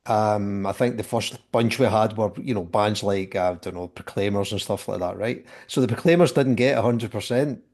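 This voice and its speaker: A man's voice: fairly low pitch, normal speed, few pauses, a little mellow. A man hosting a casual panel chat about music, talking with many fillers and restarts. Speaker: podcast host.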